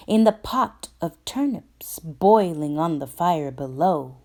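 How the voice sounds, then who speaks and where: A woman reading a children's storybook aloud in an expressive storytelling manner. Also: on the low side, slow pace, few pauses.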